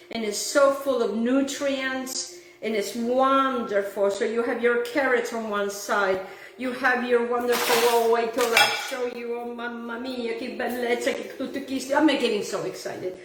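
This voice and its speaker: A woman's voice: a little high, distant mic. A woman hosting a home cooking demonstration in her kitchen, talking in a gushing, effusive way and now and then singing her words. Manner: effusive, gushing, sometimes sings phrases. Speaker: cooking show host. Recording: echoey room with faint background noise.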